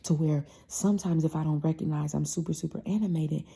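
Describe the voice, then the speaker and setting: A woman hosting a casual motivational talk, animated and passionate, sometimes acting out her family's voices. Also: low voice, fast, vocal fry, slightly rough. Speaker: host.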